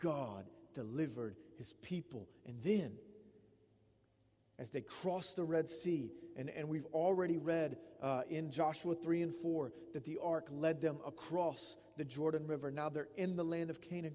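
A man in his thirties preaching an expository sermon in a conversational, emphatic way, often tossing in quick "right?" asides. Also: fairly high pitch, warm tone, a little hiss or hum. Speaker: pastor. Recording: long reverb of a large hall.

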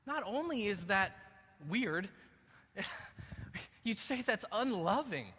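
A male pastor preaching a sermon in a church, moving between calm teaching and loud, emphatic passages. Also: high voice, takes it slowly, breathy edge. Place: church sanctuary. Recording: echoey hall reverb.

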